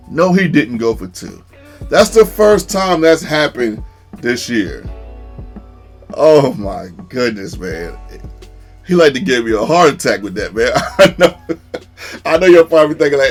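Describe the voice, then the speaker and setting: Gaming YouTuber, male, easygoing chatter with frequent laughs, middle pitch, faint music bed. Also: a little slow. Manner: laid-back, laughs often, excited yelps at big plays. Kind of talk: casual game commentary.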